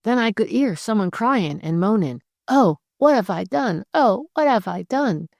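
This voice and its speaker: A timid young Victorian housemaid , as a woman voices her, speaks earnestly in a lifted, higher voice. Her telling is nervous but sincere. The recording is dry and close. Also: expressive, a little slow, gravelly, darkish tone, no echo.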